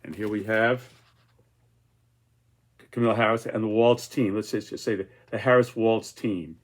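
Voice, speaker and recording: A man's voice: fairly low pitch, steady tone, measured pace. A man presenting his own political cartoons in casual, rambling commentary, full of restarts and fillers.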